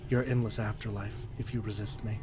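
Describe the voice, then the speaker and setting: A man voicing a menacing forgotten god of the dead, taunting and slow, in a tabletop game. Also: on the low side, little pitch movement, background noise, pitched below the performer's own voice, close to an everyday voice.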